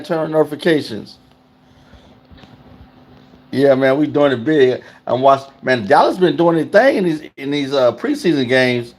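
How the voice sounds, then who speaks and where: A man hosting a casual livestream, talking loosely and in slang straight to his chat. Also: fairly high pitch. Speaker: livestream host.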